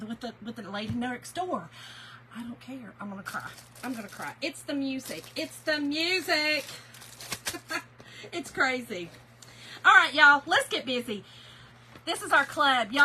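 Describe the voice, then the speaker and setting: A woman with a high, very bright voice chats casually with her viewers, calls them by name and laughs often. She sells craft products in a loose, rambling way, and a faint noise runs behind her. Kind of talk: casual live chat.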